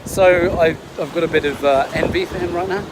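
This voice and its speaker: A man's voice: on the high side, steady tone, a little fast. A man, a health coach chatting upbeat in a casual vlog story, often restarting his sentences. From England. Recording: wind and ocean noise behind.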